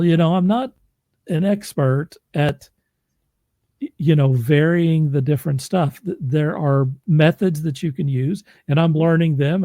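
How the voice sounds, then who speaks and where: A man's voice: a little high, warm tone, no room sound. A man who narrates audiobooks, chatting casually in a rambling, self-deprecating way and laughing often. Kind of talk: casual chat.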